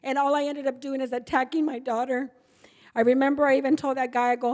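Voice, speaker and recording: A woman's voice: high-pitched, flat delivery, fast, a little mellow. A middle-aged woman from Texas telling a candid recovery story at an AA gathering, acting out the dialogue as she goes. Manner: candid storytelling, acts out dialogue, laughs often. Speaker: AA speaker. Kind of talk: personal recovery talk. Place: large meeting hall. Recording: reverberant hall.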